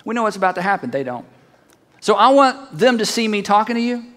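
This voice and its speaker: A man voicing a calm, knowing man who prays quietly to God, in a soft, hushed, confiding way. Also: high voice, brisk.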